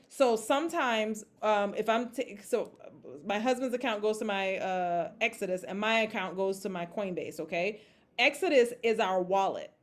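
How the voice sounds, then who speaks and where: A woman giving a casual how-to talk to a group, checking in often with "okay?" and "all right?", and acting out panicked reactions now and then. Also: mid-range voice. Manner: acts out her own panicked reactions in a raised voice. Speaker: crypto investing presenter.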